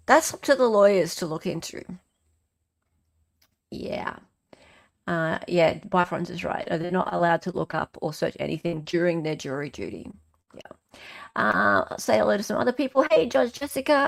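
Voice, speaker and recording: A woman's voice: lowish voice, expressive, unhurried, vocal fry, pauses often. An Australian woman hosting a casual livestream chat, greeting viewers and reading their comments aloud. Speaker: livestream host.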